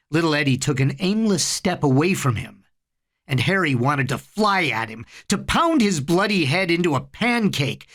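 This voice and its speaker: A storyteller giving a slow, dramatic reading of horror fiction. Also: mid-range voice, fairly bright tone.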